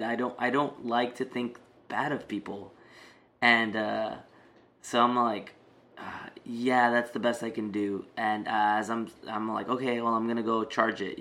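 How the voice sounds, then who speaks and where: Bright-voiced man telling a rambling story. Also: medium pitch. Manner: rambling, many fillers and restarts. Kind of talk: casual storytelling.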